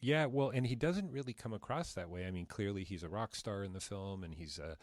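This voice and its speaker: Deep-voiced effusive male interview host. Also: fairly quick, dry recording. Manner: effusive, rambling, with many restarts. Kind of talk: interview conversation.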